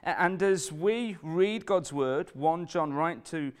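Earnest male preacher, slightly high voice. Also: animated, slow, smooth. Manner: earnest, emphatic, repeats questions to the congregation. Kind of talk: sermon.

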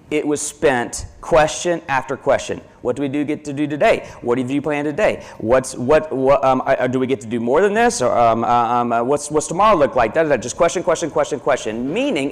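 A man's voice: medium pitch, lively intonation, moderate pace. A male pastor preaching a sermon, telling a family story in a conversational way and repeating himself as he goes.

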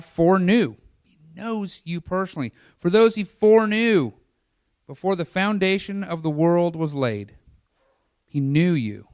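A man's voice: smooth, dry recording, clean studio sound. Man preaching with rising, falling intensity. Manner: dynamic preaching, voice swelling for lists then dropping low and quiet; conversational asides to the congregation. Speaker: pastor. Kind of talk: sermon.

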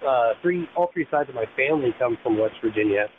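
Brief: male podcast host on a tinny phone line, faint hiss, halting. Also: mid-range voice, animated. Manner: halting, many restarts, laughs easily. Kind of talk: casual chat. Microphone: phone call.

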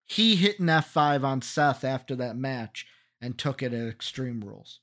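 A man's voice: medium pitch, animated, normal speed, a bit bright. A man co-hosting a wrestling podcast in casual chat, reeling off facts and giving blunt opinions. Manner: lists facts matter-of-factly, blunt opinions. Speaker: podcast co-host.

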